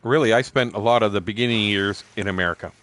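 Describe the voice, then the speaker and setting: A man's voice: lowish voice, quick pace, fairly bright tone. Profane older man rambling while gaming. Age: 60s. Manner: rambling, profane, laughs through his stories. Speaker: streamer. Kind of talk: casual storytelling while streaming a fishing game.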